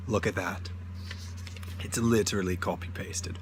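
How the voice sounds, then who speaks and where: A man's voice: sits low, little pitch movement, moderate pace, long pauses, background noise. A young man hosting a tabletop game channel, chatting casually in a rambling way, full of fillers and self-corrections. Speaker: D&D channel host.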